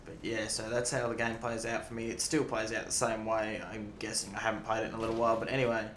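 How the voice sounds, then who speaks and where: A man's voice: lowish voice, completely flat delivery, quick pace, a little hiss or hum. Rambling young man, echoey room. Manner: rambling, swears freely. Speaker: gaming YouTuber. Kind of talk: casual gameplay commentary with storytelling. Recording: echoey room, loud game gunfire. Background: loud game audio with gunfire.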